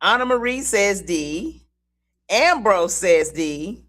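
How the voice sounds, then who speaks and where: A woman co-hosting a community show, reading trivia questions slowly and deliberately and laughing often. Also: medium pitch, animated, fairly bright tone. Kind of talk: casual radio-style chat, game quiz.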